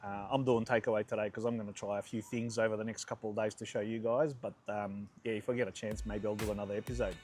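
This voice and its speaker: A man's voice: fairly low pitch, little pitch movement, fast talker, few pauses, a little mellow, faint music behind. A man in his forties with an Australian accent, chatting casually as a food vlogger and rambling through anecdotes. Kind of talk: casual food vlog storytelling.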